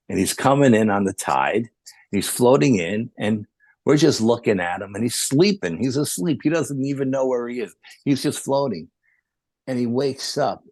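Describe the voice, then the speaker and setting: A man, a podcast guest telling a story in a lively way and acting out what the people in it said. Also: mid-range voice, dry recording. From New York. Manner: animated, acts out the voices of people in his stories. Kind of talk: storytelling in a casual interview.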